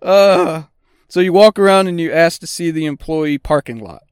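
Foul-mouthed man with a smooth voice. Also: on the high side, moderate pace, no room sound, clean studio sound. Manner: profane, blunt, swears constantly. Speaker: podcast host; auto technician. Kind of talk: casual podcast monologue.

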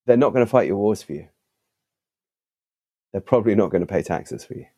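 A man who is a podcast guest and author, telling stories in an animated, emphatic conversational way. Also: on the low side, brisk, husky. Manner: animated, emphatic, with vivid asides. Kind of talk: conversational storytelling.

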